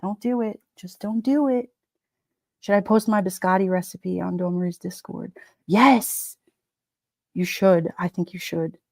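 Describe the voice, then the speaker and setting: A woman's voice: medium pitch, unhurried, no echo, clean studio sound. Chatty Brooklyn-accented woman streaming live. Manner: chatty, laughs often, reads chat comments aloud. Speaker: livestream host. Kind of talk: casual live-stream chat.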